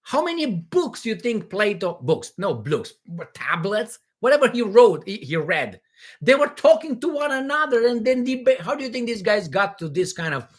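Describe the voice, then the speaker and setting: A man from Romania, hosting a casual livestream Q&A in a rambling, animated way from home. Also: high-pitched, normal speed. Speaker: livestream host.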